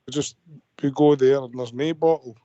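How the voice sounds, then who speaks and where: A man's voice: mid-range voice, fairly even intonation, normal speed, mellow, no echo. A Scottish man calling a fan radio phone-in, talking in a frustrated, rambling way with many restarts, over a muffled line. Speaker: caller.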